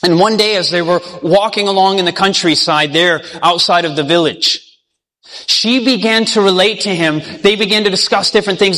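A man's voice: sits high, pushed and bright. A man preaching by telling a parable, earnest, often restarting and repeating words. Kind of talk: sermon parable storytelling. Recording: long hall reverb.

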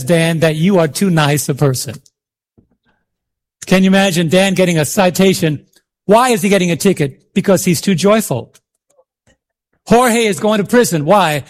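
A high-pitched man preaches with fervor, throwing questions out to the congregation and urging them to answer. His delivery is a passionate sermon, full of calls and repetition. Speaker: pastor.

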